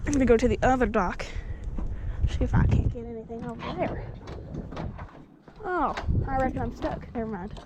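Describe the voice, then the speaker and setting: A young woman chatting casually and excitably while magnet fishing at a lakeside dock in winter. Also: on the high side, moderate pace, pauses often. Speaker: vlog co-host. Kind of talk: casual outdoor chat. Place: lakeside docks outdoors in winter. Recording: noisy outdoor recording.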